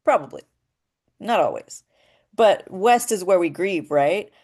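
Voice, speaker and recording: A woman's voice: on the low side, lively intonation, measured pace, darkish tone, husky. A woman voice actor giving a reflective, spiritual talk in an earnest way, often checking in with a rhetorical "right?". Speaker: voice actor and workshop speaker.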